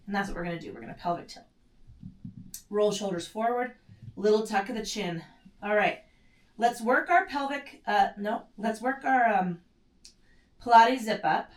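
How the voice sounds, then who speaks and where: Speaking at normal speed and pausing often, a medium-pitched female pilates instructor guides a mat class while performing the moves, her breaths short and strained. Her manner is casual and self-correcting; the mic sits at a distance in an echoey room.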